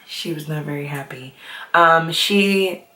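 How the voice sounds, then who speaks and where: A woman's voice: low-pitched, takes it slowly, bright, forceful tone. Chatty young woman vlogging in an echoey room. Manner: chatty, with many fillers and laughs. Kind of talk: casual chat to camera.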